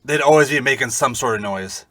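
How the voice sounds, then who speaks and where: A man co-hosting a podcast, chatting casually and telling animated, profane stories. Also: medium pitch, brisk, no room sound. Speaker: podcast co-host. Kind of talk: casual chat.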